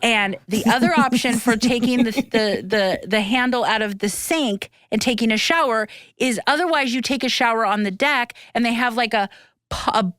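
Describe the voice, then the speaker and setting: A woman's voice: fairly high pitch, moderate pace, dry recording. A middle-aged woman hosting a podcast, swearing freely as she tells travel stories in casual chat, full of fillers. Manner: profane, animated storytelling with lots of fillers. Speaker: podcast host.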